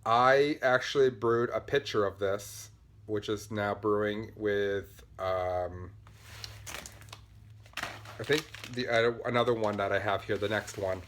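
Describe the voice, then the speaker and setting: A man with a somewhat low voice talks in a loose, rambling, upbeat way, full of ums and asides. He sounds buzzed on caffeine and talks fast as he shows things off in a casual podcast chat. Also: steady tone, a bit bright, slight background noise. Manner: chatty, rambling, upbeat, with many fillers. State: buzzing on caffeine, talking fast. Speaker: podcast host. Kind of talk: casual show-and-tell chat.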